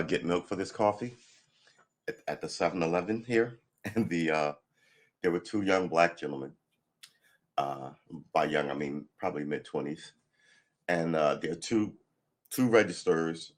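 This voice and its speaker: Hoarse deep-voiced man chatting on a stream. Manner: chatty, rambling storyteller who laughs at himself. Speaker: live-stream host. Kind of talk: casual morning live-stream chat.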